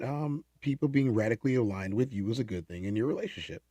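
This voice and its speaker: A man hosting a late-night livestream, reading chat comments in casual talk, animated and prone to repeating himself and restarting phrases. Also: lowish voice, dry recording.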